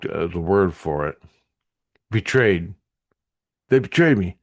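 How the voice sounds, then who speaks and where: A man with a somewhat low voice recounts a spiritual vision to camera. He rambles, restarts and swears, growing excitable as he goes. The sound is close and dry, with no room echo. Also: slow. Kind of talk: casual storytelling to camera.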